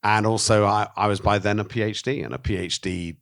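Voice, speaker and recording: A man's voice: lowish voice, fairly even intonation, a little fast, a bit bright. A man being interviewed about his film, talking frankly and animatedly, with swearing and acted-out quotes. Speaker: documentary filmmaker, interviewee. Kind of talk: candid interview talk.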